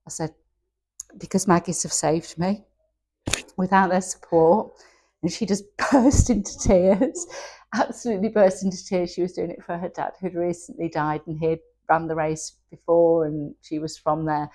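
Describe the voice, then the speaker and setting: A woman's voice: fairly low pitch, steady tone, normal speed, warm tone. A woman, telling her personal story in an interview, candid and emotional, often laughing as she speaks. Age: 60s. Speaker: interview guest.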